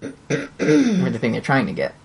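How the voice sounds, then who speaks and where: A woman running a tabletop game as game master, narrating calmly in a measured way. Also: very deep voice, vocal fry, a little hiss or hum.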